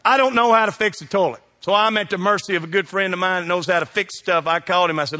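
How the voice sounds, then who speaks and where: A middle-aged man, a pastor telling funny stories in a sermon, folksy and animated, shouting his punchlines. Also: high-pitched, quick pace, few pauses. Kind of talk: humorous sermon storytelling.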